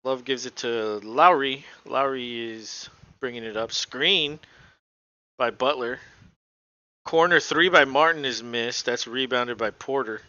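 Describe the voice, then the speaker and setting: Man, casual live play-by-play, bright voice, offhand and profane, dry dull lo-fi mic. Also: medium pitch, clean tone, no echo. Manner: relaxed, offhand, swears casually. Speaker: podcast co-host.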